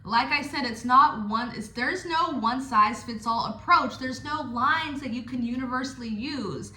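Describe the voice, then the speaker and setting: A woman's voice: high-pitched, a little slow, bright, forceful tone. A young woman giving casual, blunt and playful advice to other dancers, swearing freely. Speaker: stripper coaching other dancers. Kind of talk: casual direct-to-camera advice. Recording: echoey room.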